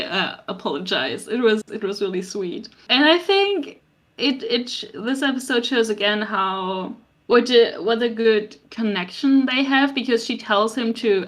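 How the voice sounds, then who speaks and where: A woman co-hosting a fan podcast in casual chat, thoughtful and a little hesitant. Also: medium pitch. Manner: thoughtful, hesitant, with frequent restarts. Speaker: podcast co-host.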